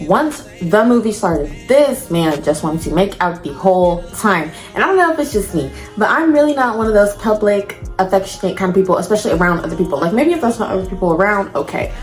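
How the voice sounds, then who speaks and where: A woman's voice: mid-range voice, expressive, fairly quick, hardly any pauses, echoey room, soft background music. A young woman telling a storytime vlog to her viewers in casual slang, addressing them as y'all. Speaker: storytime vlogger.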